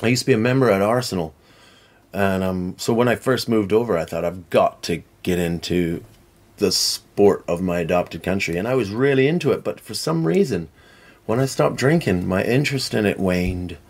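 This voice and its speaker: A middle-aged man chatting as a podcast guest, rambling and tangential with animated storytelling. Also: on the low side, normal speed. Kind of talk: casual chat.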